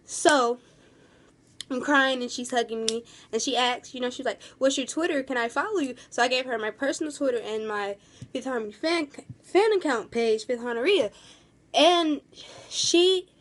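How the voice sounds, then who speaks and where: A woman's voice: sits high, moderate pace, fairly bright tone. Gushing young woman telling a story. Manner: gushing, rambling, full of "like". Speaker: vlogger. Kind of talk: casual storytime vlog.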